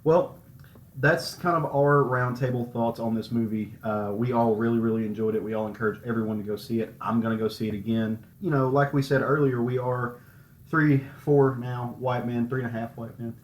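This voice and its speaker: A man's voice: medium pitch, steady tone, a little fast, a little hiss or hum. A man hosting a podcast, chatting casually and upbeat, recording live at a comic convention. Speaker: podcast host. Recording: roomy echo.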